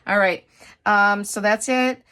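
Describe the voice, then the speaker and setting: A woman's voice: medium pitch, steady tone, slow pace, bright, forceful tone. A middle-aged woman from Wisconsin, chatting casually and rambling as she shows off a craft haul. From Wisconsin, USA. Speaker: craft vlogger. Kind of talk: casual haul chat to camera.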